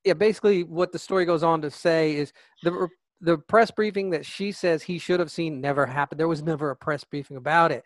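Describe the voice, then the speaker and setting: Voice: medium pitch, fairly quick, no echo. A podcast co-host in casual, emphatic political chat who retells news stories and acts out the quotes.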